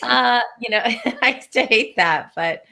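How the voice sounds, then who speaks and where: A woman's voice: a little high, unhurried, vocal fry, background noise. A woman co-hosting a casual podcast, agreeable and chatty, laughing between thoughts. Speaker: podcast co-host. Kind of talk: casual chat.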